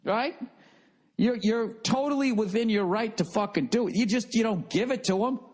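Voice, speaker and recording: A man's voice: high-pitched, normal speed, a little mellow. Profane rambling male podcast host. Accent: Boston. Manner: profane, rambling, self-mocking. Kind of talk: casual solo podcast rant.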